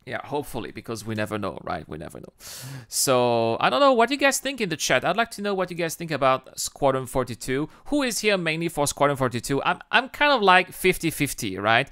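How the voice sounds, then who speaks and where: A man hosting a chatty livestream, talking to his viewers with a bright, forceful edge and a somewhat high voice. His delivery is excitable and full of restarts. The sound is clean and dry, with almost no room around it. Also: a little fast, clear, resonant tone, dry recording. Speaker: livestream host. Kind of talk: casual livestream chat, reading viewer comments.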